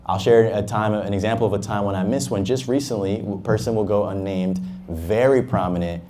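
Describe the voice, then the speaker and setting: A man's voice: fairly low pitch, brisk, mellow, a little hiss or hum. A young man from Harlem, a guest at a fireside chat, talking about his path in business in an emphatic, motivational way with casual swearing. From Harlem, New York. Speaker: entrepreneur, interview guest.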